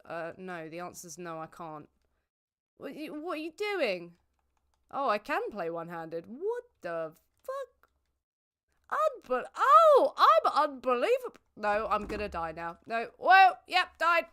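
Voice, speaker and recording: A woman's voice: medium pitch, a bit bright, smooth. A woman streamer reacting to a debate while gaming, blurting out exclamations and swearing, then arguing back at the speakers.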